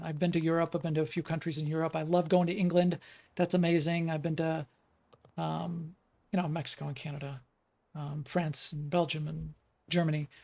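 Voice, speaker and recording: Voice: mid-range voice, gravelly. A game developer from the United States chats in a rambling way during a live stream, full of fillers and restarts while playing the game. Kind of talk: live stream gameplay chat.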